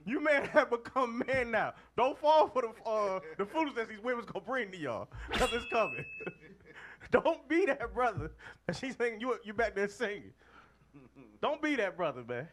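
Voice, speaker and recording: High, lively preacher man. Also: normal speed, background noise. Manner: emphatic, calls for readings, call-and-response. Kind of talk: street-style sermon to a group of men.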